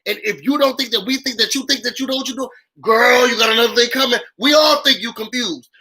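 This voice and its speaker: Man, sassy recap host, bright sharp tone, dramatic slangy delivery, repeats himself for effect. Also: very high voice, fast, low-quality recording. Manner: repeats lines for emphasis. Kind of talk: casual live recap commentary.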